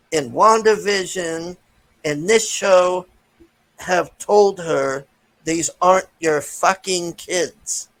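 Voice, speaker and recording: A man's voice: fairly high pitch, fairly bright tone, low-quality recording. A man giving a casual, profane, frustrated rant as a movie reviewer, with many restarts.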